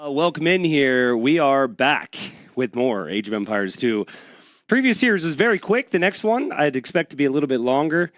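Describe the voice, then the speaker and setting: A man's voice: mid-range voice, sing-song, moderate pace, fairly bright tone, no room sound, studio quality. A man casting a strategy game tournament, upbeat and chatty as he sets up the next match. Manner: upbeat, chatty, hypes the players. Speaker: esports caster. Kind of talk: esports commentary.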